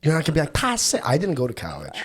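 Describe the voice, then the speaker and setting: A man's voice: on the high side, very animated, very fast, a crowd in the background. A young man hosting a podcast, telling loose, profane stories in casual chat and raising his voice when he quotes friends. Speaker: podcast host.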